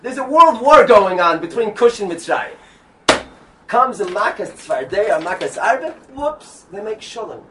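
High-pitched rabbi w telling a torah story, halting restarts, mic far off. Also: male voice, big pitch swings, a bit bright. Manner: storytelling, mixing Yiddish and Hebrew terms, with halting restarts. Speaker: rabbi teaching a Torah class. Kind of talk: Torah lesson. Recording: distant mic with faint background noise.

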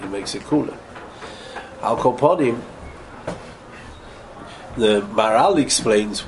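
A man teaching a Torah class, explaining point by point, stumbling and repeating words and sounding out Hebrew words slowly to model careful pronunciation. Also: medium pitch. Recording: noisy ambient room recording.

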